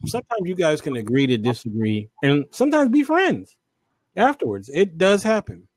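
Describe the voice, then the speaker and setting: Halting man reading viewer comments. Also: fairly high pitch, wildly swooping pitch, no echo. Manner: halting, many fillers and restarts. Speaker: co-host.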